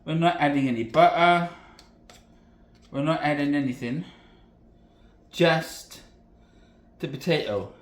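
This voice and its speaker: Home cooking host, male, from Britain: high-pitched, loose and self-correcting, recorded in a roomy kitchen. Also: takes it slowly, pauses often. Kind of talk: casual cooking demonstration.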